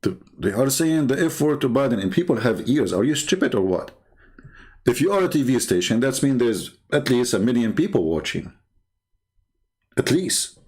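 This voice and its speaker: A man's voice: mid-range voice, very animated, moderate pace, darkish tone, slightly rough. A man hosting a commentary video, talking in a mocking monologue, laughing often and repeating phrases. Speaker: commentary host.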